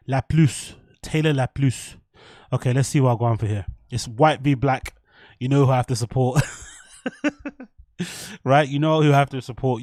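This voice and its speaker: A man's voice: mid-range voice, darkish tone, no room sound, clean studio sound. A man hosting a casual livestream, talking loosely to his viewers in slang and with plenty of swearing. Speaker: livestream host. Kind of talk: casual rambling livestream chat.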